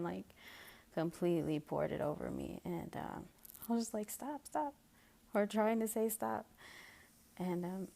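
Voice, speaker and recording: A young woman telling a personal story in a casual vlog, hesitant with many pauses and restarts, a little out of breath and sometimes dropping to a whisper. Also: fairly low pitch, vocal fry, warm tone. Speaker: vlogger.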